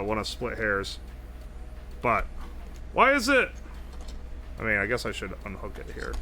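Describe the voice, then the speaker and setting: A young man live-streaming, chatting casually and thinking aloud while he tinkers, excitable and swearing a lot. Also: medium pitch, slight background noise.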